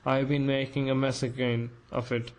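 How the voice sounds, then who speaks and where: Timid pleading clerk, flat level delivery, read by a man; storybook reading. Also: mid-range voice, a little fast, natural voice, rough recording. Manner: pleading, flustered. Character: timid, anxious middle-aged clerk, man.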